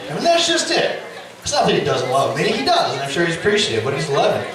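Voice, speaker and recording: A middle-aged man doing stand-up storytelling, animated and profane, with loud yelling bursts. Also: fairly high pitch, fast, over a noisy crowd, very noisy. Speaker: stand-up comedian. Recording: echoey club, distant mic, audience. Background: audience laughter.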